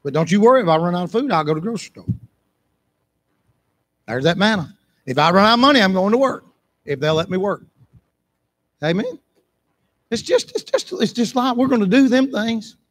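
A man preaching a sermon in church, impassioned, repeating phrases for emphasis and breaking into shouts. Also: high voice, big pitch swings, a little fast, pauses often.

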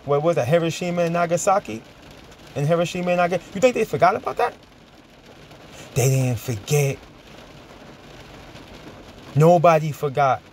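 A man preaching and teaching from scripture, emphatic and chuckling, drawing out verses slowly as he reads. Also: on the high side, animated, a little mellow, a little hiss or hum. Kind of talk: sermon-style Bible teaching.

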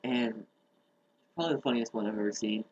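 A man in casual comedic chat, telling a story in an animated way and laughing along. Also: lowish voice, brisk, muffled recording, a little hiss or hum. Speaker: podcast co-host.

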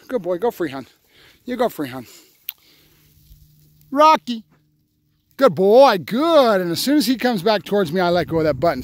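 A man, a dog trainer, explaining his method step by step in a field, now and then breaking into excited praise for his dog. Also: sits high, dry recording. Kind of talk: outdoor training demonstration. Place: open field outdoors.

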